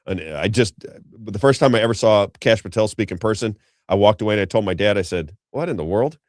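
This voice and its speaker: A man's voice: fairly low pitch, a little fast, a little mellow, no echo, studio quality. A middle-aged man hosting an unscripted political commentary show, talking in a rambling, emphatic way that repeats points and keeps turning to his co-host. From Missouri, USA.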